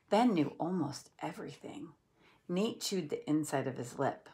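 A woman reading a children's picture book aloud, telling the story in an expressive storytelling way. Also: low voice. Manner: expressive, unhurried storytelling with voiced characters. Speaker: storybook reader.

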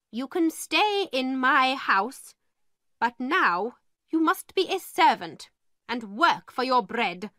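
A woman voicing a stern, cold, angry schoolmistress in a storybook reading, with a sharp, commanding manner. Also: no room sound, clean studio sound, heavily acted. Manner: sharp, commanding, raised and higher.

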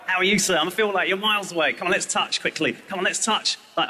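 Male stand-up, surreal and playful with the crowd, high and bright. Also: fast talker, big-room sound, a little hiss or hum. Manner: whimsical, flirty crowd banter with silly put-on voices. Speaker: stand-up comedian.

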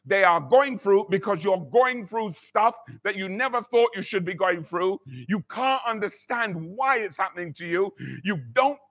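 A man's voice: high-pitched, lively intonation, normal speed, fairly bright tone. A man preaching a sermon as pastor, telling a story and acting out the voices in it, with many repeated words. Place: church.

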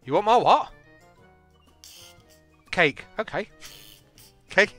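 A man, casually and excitably commentating a game, joking and laughing at his own jokes. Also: high-pitched, extremely slow, pauses often, faint music behind. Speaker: gaming channel host.

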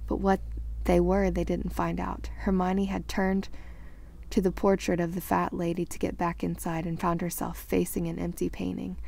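Female audiobook reader, low gravelly tone, dark and warm, animated voices. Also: normal speed, a little hiss or hum. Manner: expressive reading, lively character voices. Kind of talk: reading a novel aloud.

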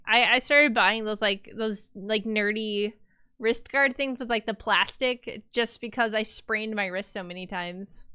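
A woman's voice: on the high side, pushed and bright, smooth, no echo, clean studio sound. A young woman streaming as a VTuber, chatting casually with viewers and laughing often. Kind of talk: casual live-stream chat.

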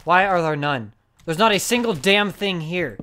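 A woman narrates her gameplay in a bright, sharp voice that swoops widely in pitch. She gets excitable and frustrated, and often yells at what happens on screen. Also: normal speed. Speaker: let's play host. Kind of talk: gameplay commentary.

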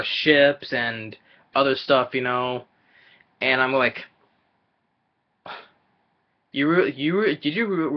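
A man ranting in a movie trailer reaction video. He stumbles, restarts and repeats himself in exasperation. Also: medium pitch. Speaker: movie reviewer vlogger. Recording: dull lo-fi recording.

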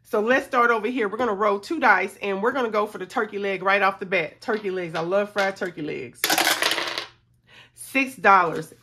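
A middle-aged woman vlogs about budgeting, chatting excitably to viewers she calls "y'all" as she works through a savings challenge. Her mid-range voice moves at a moderate pace, and the recording is very noisy.

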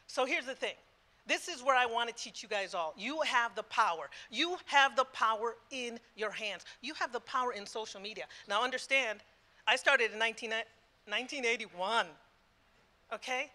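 Before an audience in a conference room, a woman in her sixties gives a passionate live talk at a moderate pace. Her voice is bright, forceful, and slightly high, and she drives her points home through repetition, switching into Spanish phrases mid-sentence.

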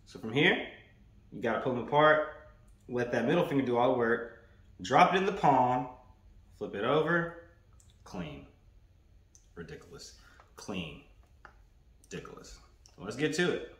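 A man's voice: medium pitch, very animated, normal speed, pauses often, a bit bright. A man casually reviewing snacks in a loose, playful vlog manner, repeating himself as he talks. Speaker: food reviewer. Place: indoors, standing. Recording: roomy echo.

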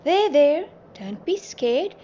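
A woman's voice: sits high, expressive, slow pace, voice pushed up. A woman voicing a cheerful, bossy flying train engine that calls out to its passengers. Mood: soothing. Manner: loud, calling out. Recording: muffled, faint hiss.

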